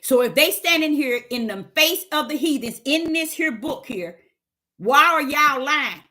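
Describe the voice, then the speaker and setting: A woman's voice: high voice, lively intonation, a little slow, pushed and bright. A woman teaching the Bible on a livestream, emphatic and repetitive, firing rhetorical questions at her chat.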